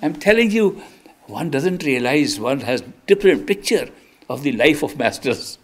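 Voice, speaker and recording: A man's voice: on the high side, very animated, normal speed. An older man giving an earnest sermon as a spiritual teacher, telling stories with emphatic restarts. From India. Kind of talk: storytelling sermon.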